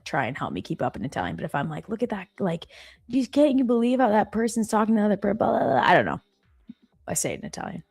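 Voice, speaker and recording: Chatty woman streamer, low voice. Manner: chatty and animated, quick exclamations and asides. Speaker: live stream host. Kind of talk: casual live-stream chat, reading viewer comments. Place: office.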